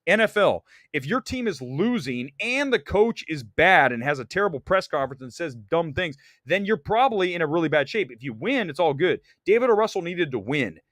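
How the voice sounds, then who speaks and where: A man hosting a casual movie talk livestream, rambling and animated, slipping into quick impressions. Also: fairly high pitch, dry recording, clean studio sound. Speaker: host of a movie talk stream.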